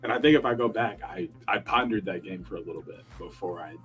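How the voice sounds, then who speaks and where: A young man co-hosting a casual lacrosse picks show, animated and slangy, laughing often as he banters. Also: sits low, quick pace, slightly rough, low-quality recording. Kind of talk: casual sports chat.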